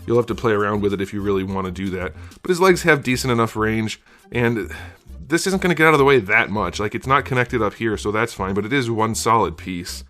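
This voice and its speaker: A toy reviewer talks casually through an action figure, a little out of breath because he's sick, rambling with fillers and hedges. His lowish, fairly bright voice has lively intonation and moves a little fast with few pauses, over soft background music.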